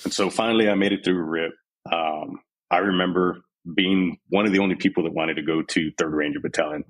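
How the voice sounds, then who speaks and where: A man's voice: low voice, fairly quick, rough recording. A man in his forties from Texas, a podcast guest and army veteran, telling his story candidly and with animation in an interview. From San Antonio, Texas. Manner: candid, animated retelling with quoted voices.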